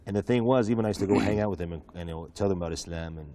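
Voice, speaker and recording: A man from the United States telling a personal story in a relaxed, chatty interview, with many asides and restarts. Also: deep voice, racing. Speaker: guest preacher telling his conversion story.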